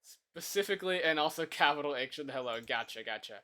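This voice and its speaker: A live streamer greeting viewers and thanking them, humming and mumbling quietly between remarks while coding at a desk mic. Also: mid-range voice, animated, fairly quick. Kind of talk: casual chat while coding.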